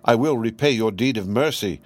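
Anxious storybook wild duck voiced by a man, high begging tone, dry read. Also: brisk, no room sound, close to an everyday voice. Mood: earnest. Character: pleading wild duck, anxious parent bird.

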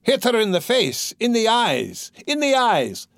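Male reader as brutal drunken young peasant; loud, bullying, swinging pitch, dry read. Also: expressive, normal speed, dry recording. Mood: furious.

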